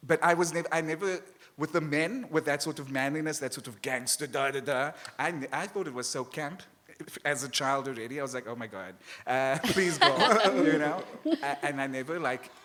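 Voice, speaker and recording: A man with a Cape Flats South African accent and a slight sibilant lisp, telling animated stories as an author guest on a live festival panel. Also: fairly high pitch, fairly quick. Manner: animated, laughs often, acts out voices. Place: live event stage.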